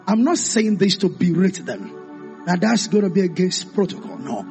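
A man preaching a sermon, calling out to the congregation and rising into impassioned shouts. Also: high-pitched, very animated, normal speed, faint music behind.

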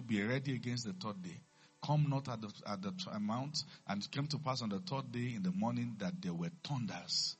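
Male preacher, bright and husky, swings from quiet scripture reading to high shouted preaching, faint music underneath. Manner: reads scripture low and slow, then preaches with rising shouts.

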